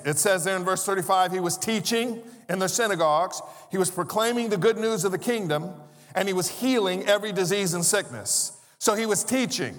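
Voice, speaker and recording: A man's voice: high-pitched, fairly bright tone. A man preaching a sermon as pastor, conversational with humorous asides and rhetorical questions, in a church sanctuary. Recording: long reverb of a large church hall.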